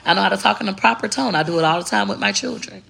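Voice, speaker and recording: Racing along in a mid-range voice with vocal fry and a slightly bright edge, this content creator lectures her audience directly. The rant is loose and full of swearing, sliding from slang into a proper register, and she sounds emphatic and preachy.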